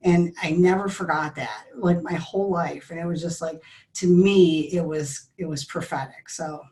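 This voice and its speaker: A middle-aged woman speaking as an interview guest in a lowish voice. She rambles in a nervous, chatty way, restarting sentences and losing her thread. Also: steady tone, moderate pace, mellow, recorded from a distance, poor audio. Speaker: guest, tea business co-owner. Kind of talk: casual interview chat.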